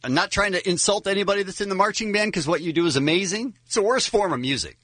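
A man's voice: high-pitched, quick pace, a bit bright, dry recording. A man casually telling a funny story with comic exaggeration on a chat show.

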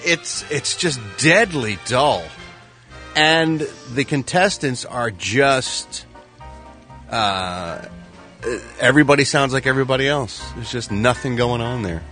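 A man's voice: medium pitch, slow, pushed and bright, faint music behind. A man giving the showbiz report on a morning radio show, sardonic and bluntly opinionated in casual banter.

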